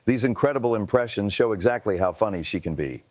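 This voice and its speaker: A man reading scripted narration for a celebrity clip video in an even, measured way. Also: lowish voice.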